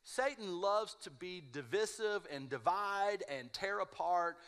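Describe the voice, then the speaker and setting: A man preaching a live church sermon with a bright, forward voice sitting a touch high for a man. He tells stories animatedly and slips into mumbled imitations of other people. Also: animated, unhurried, clear, resonant tone. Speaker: pastor.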